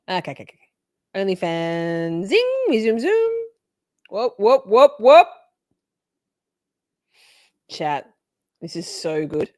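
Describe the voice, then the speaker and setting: A woman's voice: lowish voice, darkish tone, no echo, studio quality. A woman with an Australian accent hosting a live stream, chatting freely and swearing as she reacts. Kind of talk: casual live-stream commentary.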